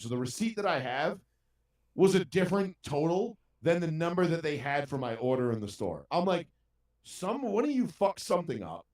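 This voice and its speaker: A man's voice: on the high side, big pitch swings, fairly quick, a little mellow. A man telling a story in casual podcast chat, ranting with heavy profanity. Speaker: podcast co-host. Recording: roomy sound from a distant mic.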